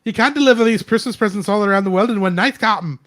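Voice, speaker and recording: Fussy Scottish starship engineer, higher-pitched and loud, played by a man doing an impression. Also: fast talker, no room sound, clean studio sound. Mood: urgent. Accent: Scottish, put on. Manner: urgent, insistent warnings.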